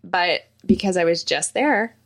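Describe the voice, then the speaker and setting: A young adult woman from Utah hosting a podcast, chatting in a gushing, animated way. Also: lowish voice, measured pace. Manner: animated, gushing, acts out voices in stories. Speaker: podcast host. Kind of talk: casual chat.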